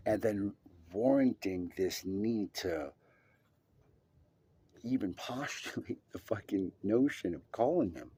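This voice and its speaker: A man telling a personal story in an emphatic, profane way, swinging between loud and hushed. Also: lowish voice, lively intonation, slow, slightly rough.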